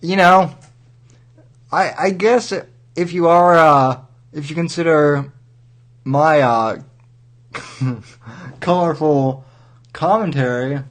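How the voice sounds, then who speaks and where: Slow, rambling male livestream host. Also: fairly high pitch. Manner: rambling, wry, halting with many restarts. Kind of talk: casual livestream commentary.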